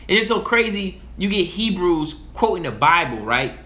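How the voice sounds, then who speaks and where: A man's voice: high-pitched, sing-song, moderate pace, sharp tone. A young man of Haitian heritage giving a passionate, profane monologue that repeats its points. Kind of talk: casual monologue.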